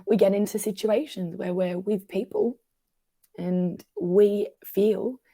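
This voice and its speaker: Husky woman talking it through. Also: mid-range voice, takes it slowly, no room sound, clean studio sound. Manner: acts out quoted voices, animated. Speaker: therapist. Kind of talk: conversational podcast talk.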